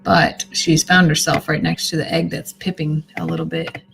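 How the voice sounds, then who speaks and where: A woman's voice: low voice, little pitch movement, normal speed, gravelly, noisy background. Sleepy, chatty woman live-streaming. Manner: chatty, rambling, reads out viewer comments. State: sleepy, yawning. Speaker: homesteading livestreamer. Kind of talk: casual live-stream chat.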